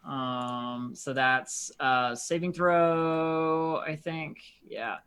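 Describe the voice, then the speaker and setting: A tabletop player talks in a relaxed, casual way, describing their character's moves and working through rules out loud. The voice sits at an ordinary middle pitch. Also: extremely slow, clean tone. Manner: relaxed, thinking aloud about rules.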